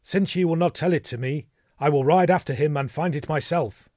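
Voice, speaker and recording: A man's voice: fairly high pitch, a little fast, a little mellow, no room sound, pitched above the performer's own voice, natural voice. Guy doing a stubborn knight, determined and raised, dry close sound. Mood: insistent. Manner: raised, determined formal speech. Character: stubborn, insistent male knight.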